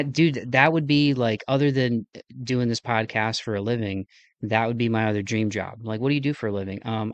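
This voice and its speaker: A man's voice: on the low side, no echo. A man with a Midwestern accent hosting a podcast, rambling enthusiastically through a casual solo outro. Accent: Midwestern American. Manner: rambling, enthusiastic, self-deprecating. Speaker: podcast host.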